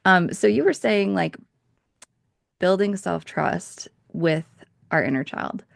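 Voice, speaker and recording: A woman's voice: on the low side, lively intonation, takes it slowly, gravelly, no room sound, studio quality. A woman hosting a podcast in casual interview chat, rambling and reflective, with lots of fillers. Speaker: podcast host.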